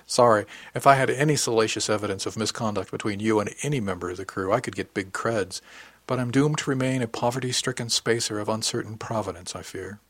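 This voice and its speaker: A man's voice: on the low side, quick pace, fairly bright tone, no echo. A man voicing a playful, teasing young crewmate in an audiobook.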